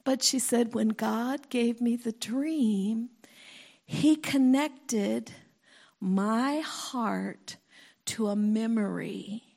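A woman preacher giving a slow, earnest sermon and prayer to a congregation, often sinking into a whisper. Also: a little high, creaky, darkish tone. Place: church hall before a congregation.

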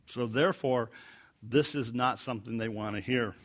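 A man preaching verse by verse from the Bible, acting out quoted lines loudly and dropping to a quiet, low voice when he explains them. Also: moderate pace. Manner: animated, acts out quoted lines with rising pitch and volume.

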